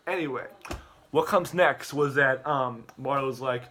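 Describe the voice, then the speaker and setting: A man's voice: medium pitch, moderate pace, bright, forceful tone. A man in a rambling rant, full of stammered restarts and swearing. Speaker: youtuber.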